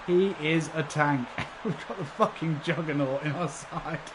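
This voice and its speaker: A man's voice: a little high, a little slow. Man, game streamer, live football commentary, chatty, swears casually, noisy audio. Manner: laughing, chatty, swears casually, talks to chat. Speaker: gaming livestreamer.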